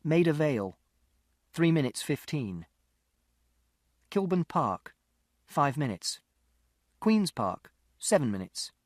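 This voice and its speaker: A man's voice: on the high side, sing-song, slow, long pauses, dry recording, clean studio sound. A man narrating an audiobook in the first person, with a precise, literal, methodical delivery.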